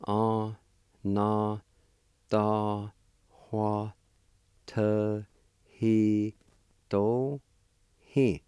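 A man teaching a language lesson, spelling and pronouncing each word slowly and repeating it. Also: fairly low pitch, creaky, mellow, dry recording, clean studio sound. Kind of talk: slow spelling and pronunciation lesson.

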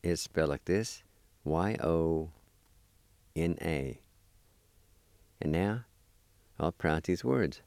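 A man giving a deliberate language lesson, spelling and pronouncing each word, repeating it slowly. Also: sits low, creaky, darkish tone, smooth, dry recording. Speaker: language teacher. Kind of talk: slow spelling and pronunciation lesson.

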